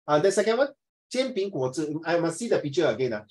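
Lively teacher, animated pitch. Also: male voice, quick pace, rough recording. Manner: lively, playful, switching between English and Mandarin. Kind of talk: classroom discussion.

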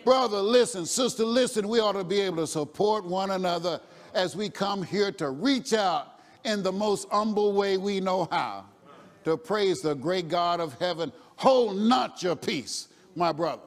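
High-voiced preacher in a ringing hall. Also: male voice, normal speed. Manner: call-and-response preaching, shouting and chanting the refrains. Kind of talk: sermon.

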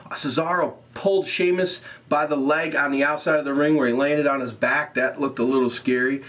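A young man casually recapping a wrestling show, animated and rambling, swearing often and laughing at his own remarks. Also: on the high side, brisk.

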